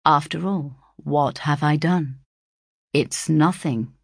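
A woman reading the part of a sulky, defiant young gentleman who turns indignant, muttering some lines. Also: low voice, slow pace, creaky, no room sound, studio quality, exaggerated voice.

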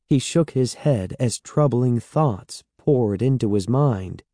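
Narrating an audiobook, a man in a mid-range voice tells the story in a steady, measured way. The studio sound is clean, with no echo.

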